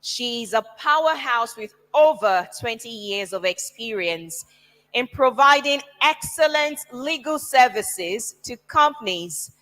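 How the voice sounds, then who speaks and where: A woman hosting a youth event, lively and coaxing as she calls up students and introduces speakers. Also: fairly high pitch, slow pace, in a large hall, rough recording. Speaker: master of ceremonies.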